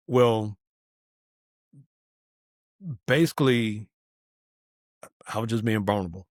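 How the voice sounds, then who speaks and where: A man speaks in a fairly low voice, telling a personal testimony with earnest feeling. He acts out the lines of the people in his story. The recording is dry and close. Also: moderate pace, long pauses, dry recording. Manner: earnest storytelling, acting out quoted dialogue. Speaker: podcast guest. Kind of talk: personal testimony in casual conversation.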